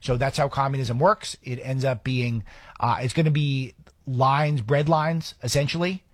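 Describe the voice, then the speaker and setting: Male radio host, opinionated and sarcastic, husky tone, dead-dry studio. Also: mid-range voice, steady tone, unhurried, no echo. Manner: sarcastic, rambling, with restarts. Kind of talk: opinionated political commentary.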